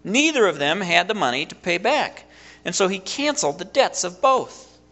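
A man preaching a sermon, retelling a story in an animated way and acting out the quotes. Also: high voice, moderate pace.

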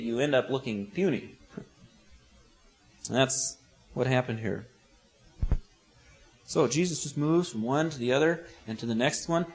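A man preaching an expository sermon, telling the story vividly with humorous asides. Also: medium pitch.

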